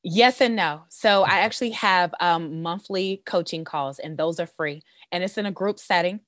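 A woman's voice: on the low side, moderate pace, fairly bright tone, no room sound, clean studio sound. A woman, a beauty business owner and coach, talking confidently in a podcast interview with many "you know"s. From United States. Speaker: esthetician and business coach guest.

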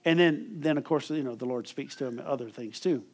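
A man's voice: medium pitch, a little fast. A middle-aged man preaching a sermon as pastor, emphatic and calling for amens from the congregation. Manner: emphatic preaching with call-and-response.

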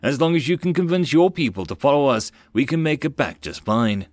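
A man voicing a calm, confident young male military lieutenant who gives steady orders in an audiobook. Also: medium pitch, fairly quick, no room sound, voice pushed up, lightly acted.

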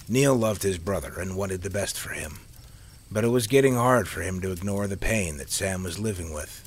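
Brief: low-pitched man, measured audiobook storytelling, faint hiss. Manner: steady, measured reading. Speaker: narrator.

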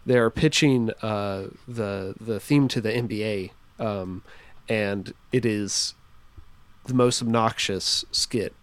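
A man chats as a podcast guest. His voice is fairly low, and it sounds dry and close to the mic. He rambles with enthusiasm and plenty of fillers. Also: slow pace, no room sound. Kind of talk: casual podcast chat.

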